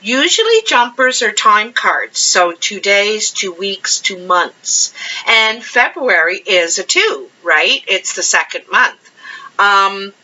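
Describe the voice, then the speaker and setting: Woman, tarot reader, unhurried, chatty and rambling, dull lo-fi recording. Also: fairly high pitch, sharp tone. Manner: chatty and rambling, thinks aloud while shuffling cards. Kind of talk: casual monthly tarot reading. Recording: dull lo-fi sound.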